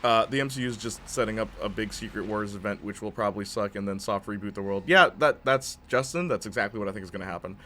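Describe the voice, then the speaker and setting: A young man streaming gameplay, chatting in a rambling, excitable way with lots of fillers and tangents. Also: lowish voice, quick pace, few pauses, a little hiss or hum. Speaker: gaming streamer. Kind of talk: livestream gameplay commentary.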